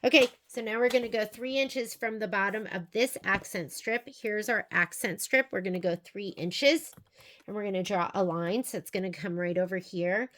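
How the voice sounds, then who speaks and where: A woman's voice: mid-range voice, moderate pace, a bit bright. A woman teaching a quilting project, talking through each step aloud as she works. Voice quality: chatty, thinks aloud while working. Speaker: sewing instructor. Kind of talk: quilting tutorial.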